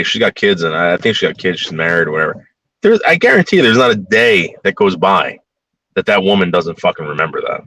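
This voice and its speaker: Blunt, heated man with a bright voice. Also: fairly low pitch, dry recording, rough recording. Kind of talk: ranting opinion monologue.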